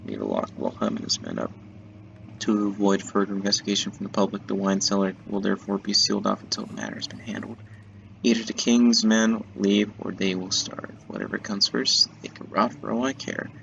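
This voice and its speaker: A haughty, cold-hearted castle lord, as a gamer puts him on, speaking low and gravelly in an affected accent. His voice comes through a dull, lo-fi mic. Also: expressive, fairly quick, fairly bright tone, slight background noise, heavily acted. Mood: scornful. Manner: haughty, put-on accent while reading.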